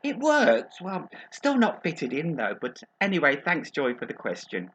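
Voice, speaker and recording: A man's voice: on the high side, huge pitch swings, a little slow, a bit bright, a little hiss or hum, exaggerated voice, low-quality recording. A man playing a chatty middle-aged female agony aunt from Birmingham who calls everyone darling and drops innuendo. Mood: gossipy. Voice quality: gossipy, innuendo-laden, calls people darling. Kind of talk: comic advice show monologue.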